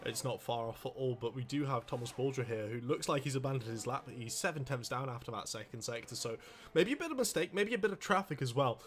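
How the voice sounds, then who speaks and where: Male esports commentator, quick pace, lively pitch, teasing banter. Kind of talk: live race commentary.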